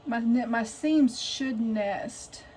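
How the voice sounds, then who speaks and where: A woman with a fairly high voice walks viewers through a sewing project in a chatty, casual way. She thinks out loud as she works and speaks straight to her audience. Faint noise sits behind her voice. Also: drawn-out words. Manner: chatty, thinking aloud, talks to viewers directly. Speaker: sewing vlogger.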